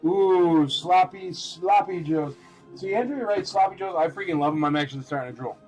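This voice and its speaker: A man's voice: high-pitched, normal speed, a little mellow, faint music behind. A man hosting a casual live-stream auction, chatty and rambling with lots of filler words.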